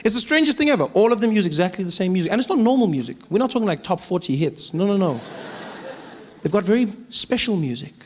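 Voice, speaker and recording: Animated South African stand-up comedian. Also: male voice, fast talker. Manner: animated, acts out voices, swings from loud to low. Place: large arena on stage.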